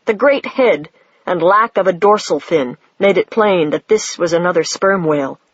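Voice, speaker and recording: An audiobook reader tells the story in a measured, plain manner. The recording is dull and lo-fi, with a dry, close sound. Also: medium pitch, animated, slightly rough, dry recording. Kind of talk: scripted narration.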